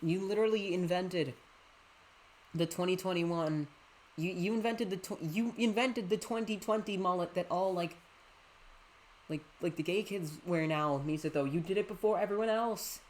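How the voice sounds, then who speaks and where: A young woman streaming a horror game live, joking and reacting with excitable, quick commentary. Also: on the low side.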